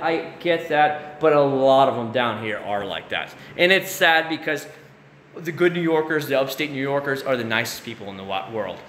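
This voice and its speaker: A man's voice: a little high, fairly bright tone. A man hosting a casual livestream, ranting animatedly and swearing freely as he answers the chat. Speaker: livestream host. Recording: roomy echo, faint background noise.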